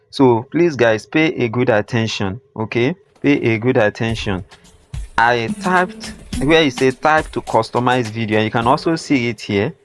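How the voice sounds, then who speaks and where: A man hosting a step-by-step tutorial, repeating himself and filling pauses with "uh" as he explains. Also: mid-range voice. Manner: repetitive, filler-heavy, instructive. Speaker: tutorial host.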